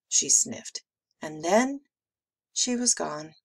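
A woman teacher reading a picture book aloud with slow, expressive delivery. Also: fairly low pitch, gravelly, husky.

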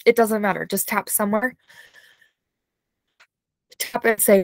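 A woman leading an unscripted guided imagery session, speaking slowly and soothingly, with soft laughs and sighs. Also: medium pitch, no echo, poor audio. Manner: slow, soothing guidance with soft laughs and yawns.

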